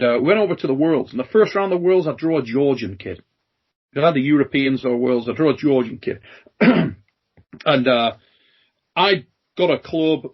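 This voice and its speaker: A British man hosting a podcast, telling lively stories, acting out quoted lines and swearing freely. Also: medium pitch, dull audio. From Britain. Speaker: podcast host and armwrestling champion. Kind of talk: casual chat, storytelling.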